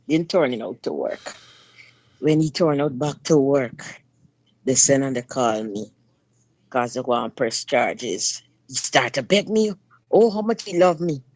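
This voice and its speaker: A woman's voice: very deep voice, lively intonation, a little slow, pauses often, darkish tone, dry recording. A woman tells a personal story on a talk show, speaking emphatically and turning often to the listener. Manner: emphatic dialect storytelling, addresses listener directly. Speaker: guest sharing personal story.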